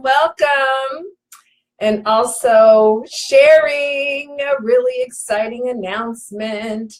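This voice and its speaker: A woman with a high voice hosts a livestream and talks in a slow, unhurried way. She is effusive and welcoming, greets her viewers one by one and repeats her words warmly. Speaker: host of a live online broadcast. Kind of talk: live-stream talk to viewers.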